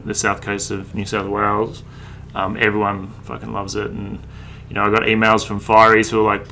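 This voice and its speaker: A man's voice: on the low side, monotone, fairly quick, gravelly, pushed and bright, slight background noise. Laid-back, sweary Australian man. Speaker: street artist, interview guest. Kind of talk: casual interview chat.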